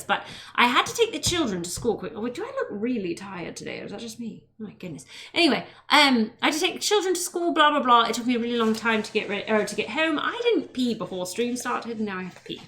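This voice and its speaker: A woman's voice: fairly high pitch, sing-song, fairly quick, a bit bright, a little hiss or hum. An American woman live streaming while cooking at home, chatting playfully and rambling in a put-on English accent. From United States.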